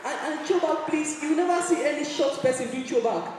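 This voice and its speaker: A man with a Nigerian accent doing stand-up comedy in Pidgin and English, animated and shouting his punchlines. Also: very high voice, brisk, a faint crowd, slight background noise. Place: large hall with a crowd. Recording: echoey hall recorded from far off.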